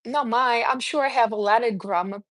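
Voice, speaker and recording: Animated woman with a non-native English accent. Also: fairly high pitch, fairly quick. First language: not English. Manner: animated, calls listeners honey. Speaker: self-help speaker. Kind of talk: casual motivational talk.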